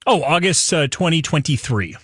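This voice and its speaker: A man's voice: on the high side, lively intonation, moderate pace, fairly bright tone, husky, no room sound, clean studio sound. A married man co-hosting an entertainment radio show, chatting casually and imitating voices when he retells scenes.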